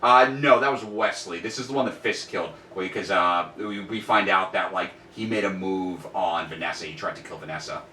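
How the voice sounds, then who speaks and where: Young guy retelling comic scenes on a podcast, low voice, echoey room a bit far from the mic. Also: fairly quick, few pauses. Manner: animated storyteller, acts out quotes. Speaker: podcast co-host. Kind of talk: casual comic book discussion. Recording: roomy, distant mic, faint hiss.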